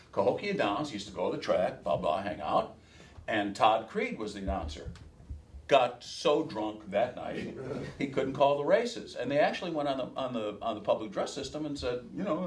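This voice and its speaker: A middle-aged man from Chicago with a softened Midwest accent and a flat nasal tone, talking loosely to a workshop audience with many fillers and restarts. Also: medium pitch, normal speed, a little hiss or hum. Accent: softened Midwest American. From Chicago, USA. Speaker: race caller giving a workshop. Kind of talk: casual talk to a workshop audience.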